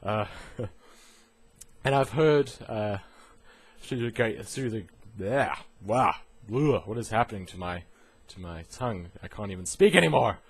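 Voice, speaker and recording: A man rambles through a casual gaming vlog with a slightly husky, breathy voice. He laughs often and keeps breaking into mocking put-on voices, telling his stories loosely and for fun. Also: fairly low pitch, expressive, unhurried, pauses often. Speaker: gaming vlogger.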